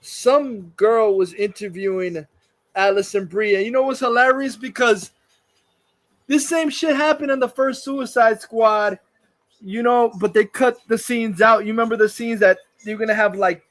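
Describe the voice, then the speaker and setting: A man's voice: sits high, normal speed, a bit bright, no room sound. A man hosting a casual livestream chat, profane and rambling, laughing often. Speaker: livestream host.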